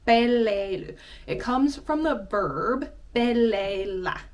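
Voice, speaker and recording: A woman's voice: fairly high pitch, lively intonation, takes it slowly, darkish tone. Giggly young woman teaching vocab, chatty, laughs a lot, easygoing. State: out of breath. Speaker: language teacher. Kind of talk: casual vocabulary lesson.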